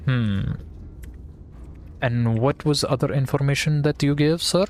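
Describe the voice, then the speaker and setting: A man's voice: mid-range voice, a little slow, a little hiss or hum. Casual male gamer thinking aloud. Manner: playful, thinking aloud, mumbling game text to himself. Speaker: gaming streamer. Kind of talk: casual gameplay commentary.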